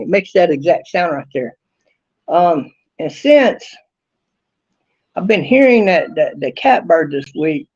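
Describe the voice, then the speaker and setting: A man casually vlogging outdoors behind his house, rambling in a folksy way with drawn-out fillers. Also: on the high side, creaky, a little mellow, dull audio.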